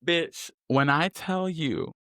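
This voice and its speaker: A man hosting a podcast, telling a personal story in candid chat and acting out the people he quotes with sudden high voices. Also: slow pace, clean tone, dry recording, studio quality. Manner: animated, swings into high mocking voices when quoting. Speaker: podcast host.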